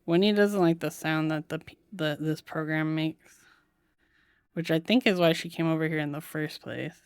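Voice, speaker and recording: A woman's voice: low voice, steady tone, normal speed, clean tone, no echo, clean studio sound. A young woman chatting casually on a live stream while building a keyboard, giggling often and cooing to her cat.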